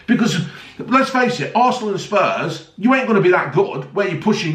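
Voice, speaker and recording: Heated, sarcastic vlogger ranting with lots of swearing; recorded in an echoey room, set back from the mic. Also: male voice, sits high, a bit bright, recorded from a distance. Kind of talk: angry ranting monologue. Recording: roomy, voice a bit off-mic.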